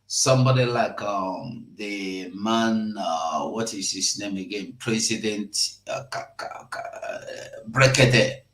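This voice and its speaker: A man hosting a live stream, delivering political commentary slowly with many hesitations. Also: lowish voice, fairly bright tone, reverberant, poor audio. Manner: slow, hesitant, many fillers.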